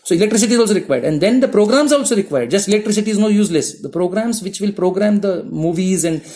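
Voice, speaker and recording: A man giving a devotional lecture on scripture in an animated way, often restarting his sentences. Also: high voice, fast. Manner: animated, acts out quoted voices, many restarts. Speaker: spiritual teacher.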